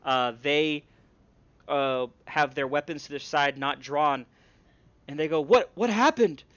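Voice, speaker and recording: A man's voice: mid-range voice, little pitch movement, slow pace, fairly bright tone, clear, resonant tone, no room sound. A man narrating a tabletop game as game master, casual and rambling with many fillers. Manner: rambling, lots of fillers and restarts. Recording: dull lo-fi stream audio.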